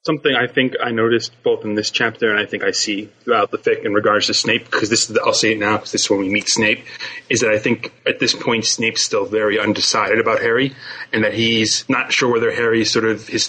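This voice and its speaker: A man's voice: on the low side, little pitch movement, fairly quick, bright, forceful tone, husky, poor audio. A man co-hosting a podcast, talking things through in a thoughtful, talkative way. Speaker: podcast co-host. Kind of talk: casual podcast discussion.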